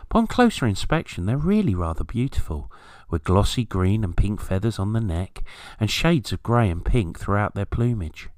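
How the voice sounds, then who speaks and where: A man's voice: on the low side, sing-song, moderate pace, hardly any pauses, darkish tone, dry recording. A man from Britain hosting a scripted garden-bird podcast, with a wry, storytelling manner and playful asides. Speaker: podcast host. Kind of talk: scripted nature podcast narration.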